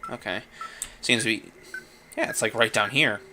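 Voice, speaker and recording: A man casually commenting while playing a game, thinking out loud with chatty asides. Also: fairly low pitch, normal speed, noisy background. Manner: chatty, thinking aloud with fillers and laughs. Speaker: let's play host.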